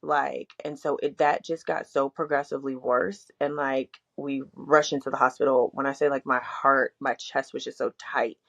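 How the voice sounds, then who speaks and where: A woman's voice: rumbling low, little pitch movement, normal speed, gravelly, few pauses, fairly bright tone. A young adult woman co-hosting a podcast, talking candidly in a rambling way, full of "like" and frank swearing. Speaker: podcast co-host. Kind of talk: candid casual chat. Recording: dull lo-fi audio.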